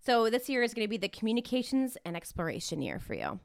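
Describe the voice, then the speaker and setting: A young adult woman co-hosting a casual chat, talking in a relaxed, rambling way. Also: fairly high pitch, fast talker, gravelly, no room sound, studio quality. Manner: relaxed, rambling, with fillers and restarts. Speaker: podcast co-host reading horoscopes.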